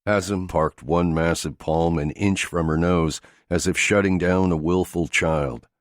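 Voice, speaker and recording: Deep voiced guy narrating a thriller audiobook, steady and gritty, dead dry sound. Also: a little slow, hardly any pauses, dry recording. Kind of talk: scripted narration of an action thriller.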